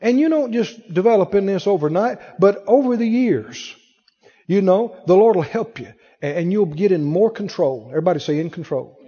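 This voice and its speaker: A man's voice: sits high, lively intonation, moderate pace, warm tone, slightly rough, big-room sound, highs cut off. A man preaching a sermon, telling a personal story and acting out the voices in it.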